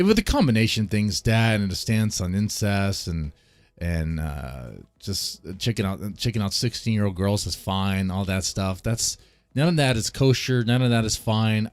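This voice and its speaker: A man's voice: on the low side, expressive, moderate pace, a little mellow, clean tone, no echo. A man hosting a casual live stream, ranting bluntly and laughing often as he comments. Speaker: streamer host.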